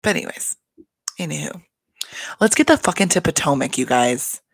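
Gravelly, gushing podcast host. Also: mid-range voice, expressive, moderate pace, no room sound. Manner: gushing and profane, chatty and rambling. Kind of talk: casual reality TV recap podcast.

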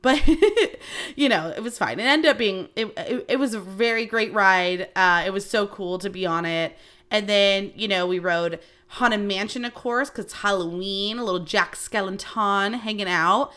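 A woman around thirty hosting a podcast, telling stories in a casual, animated way and swearing freely. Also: mid-range voice, moderate pace. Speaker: podcast host. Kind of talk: casual storytelling chat.

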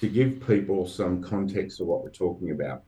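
Deep-voiced man hosting a podcast. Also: moderate pace, dark tone. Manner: wry, self-deprecating, chatty. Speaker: podcast host. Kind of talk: casual podcast chat.

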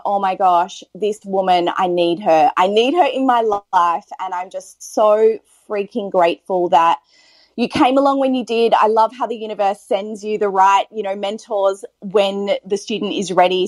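A woman's voice: medium pitch, no echo. A woman listener in casual chat, effusive and gushing with praise for the host. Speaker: listener and former coaching client. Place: online audio chat room.

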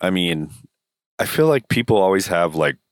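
A man co-hosting an interview, asking relaxed, hesitant questions. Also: low voice, moderate pace, smooth, dry recording, studio quality.

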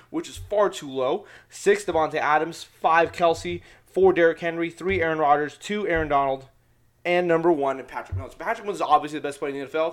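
A young man with a fairly high voice hosts his sports podcast in a loose, rambling way. He gets loud and excitable and swears all the time. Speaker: podcast host. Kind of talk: casual sports podcast chat.

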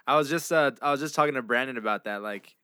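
A man's voice: mid-range voice, brisk, bright, forceful tone, clean tone, no echo, studio quality. A young man co-hosting a podcast in casual chat, laid-back, swearing freely and laughing often. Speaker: podcast co-host.

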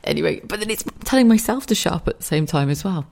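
A woman in her forties hosting a podcast, chatting frankly and swearing freely while keeping her voice hushed in her kitchen at home. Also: fairly low pitch, expressive, fast, creaky. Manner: hushed, speaking softly so as not to wake a child. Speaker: podcast host. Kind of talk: casual chat.

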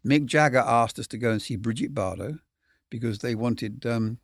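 A man's voice: mid-range voice, normal speed, creaky, no room sound, clean studio sound. An older man, a film cameraman telling rambling, candid stories as a guest. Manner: rambling, candid, swears casually, chuckles. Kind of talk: anecdotal storytelling.

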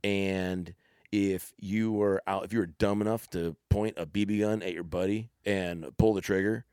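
A man's voice: low-pitched, fairly even intonation, normal speed, darkish tone, smooth, no room sound, studio quality. A middle-aged man, a father hosting a podcast, chatting casually with his son and acting out quoted exchanges as he tells stories. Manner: storytelling, acts out quoted exchanges. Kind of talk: casual family conversation.

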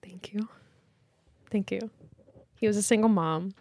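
A woman's voice: mid-range voice, measured pace, a little mellow, no room sound. A young woman co-hosting a podcast, telling a story animatedly in casual chat, swearing and laughing now and then. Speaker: podcast co-host.

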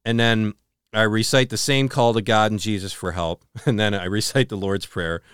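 A man co-hosting a podcast, retelling a story earnestly with halting restarts and a hushed, slowed delivery on dramatic moments. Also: steady tone, clear, resonant tone, no echo, studio quality. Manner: slows and drops to a low hush on dramatic moments. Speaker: podcast co-host. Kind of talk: casual storytelling chat.

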